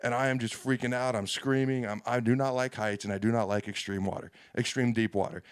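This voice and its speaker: A man's voice: medium pitch, steady tone, a little fast, clear, resonant tone, no room sound. Man, young adult, football player, rambling storyteller, self-mocking, casual podcast chat, dry studio sound. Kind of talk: casual sports talk chat.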